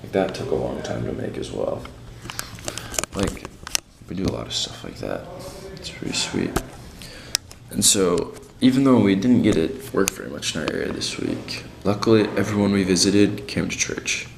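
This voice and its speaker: Young missionary man, low and gravelly, casual slangy video diary, roomy echo. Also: very animated, normal speed, background noise. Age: young adult. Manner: laid-back and slangy, many fillers.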